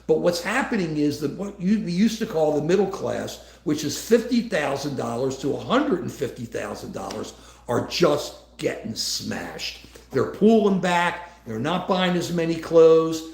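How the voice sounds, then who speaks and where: A man's voice: on the high side, sing-song, measured pace, gravelly, darkish tone. A man co-hosting a casual political livestream, talking in a rambling way with many restarts. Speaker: livestream co-host. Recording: echoey room.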